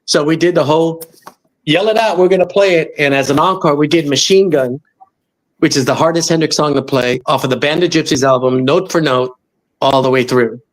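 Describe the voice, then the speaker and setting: Middle-aged male storyteller guest, fairly high voice, lively, slips into quoted voices. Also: brisk. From Los Angeles. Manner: animated, acts out quoted voices. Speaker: musician guest. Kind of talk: storytelling in interview.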